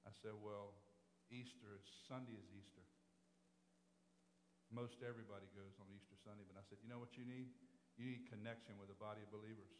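A man who is a pastor, preaching a sermon as a story, swinging between loud preaching and low murmured retelling. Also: fairly even intonation, brisk, long pauses. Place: church sanctuary. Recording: long hall reverb, faint hum.

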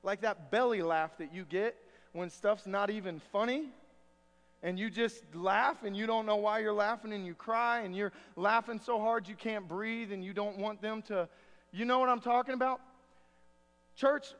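A pastor with a high-pitched voice delivers a sermon in a folksy, conversational way, mixing scripture reading with homespun stories. His voice carries a long reverb tail from the church sanctuary. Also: moderate pace, fairly bright tone. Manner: folksy, conversational preaching with storytelling.

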